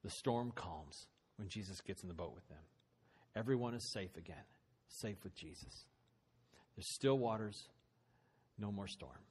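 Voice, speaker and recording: A man's voice: deep voice, lively intonation, a little slow, long pauses, a little hiss or hum. A man preaching a sermon, retelling a story dramatically with voiced quotes.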